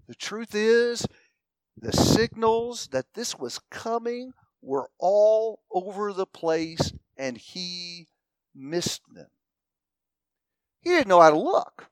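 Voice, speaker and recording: High, lively male teacher. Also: slow, no echo. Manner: animated storyteller, asks the audience questions. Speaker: speaker teaching a class. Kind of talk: teaching talk with acted-out anecdotes.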